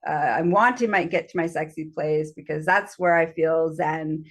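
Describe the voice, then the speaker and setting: Woman, lowish voice, candid storyteller, frequent laughter, frank about sex, animated quoted asides. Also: moderate pace. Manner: animated, laughs often, acts out her own panic in quoted asides. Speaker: podcast host.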